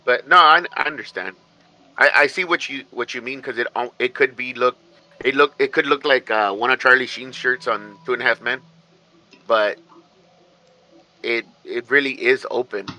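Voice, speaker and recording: A man chatting casually as a show's co-host, his voice strikingly bright. He rambles and stops to restart his thoughts often, in a loose, unhurried way. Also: medium pitch, poor audio. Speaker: podcast co-host. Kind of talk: casual chat.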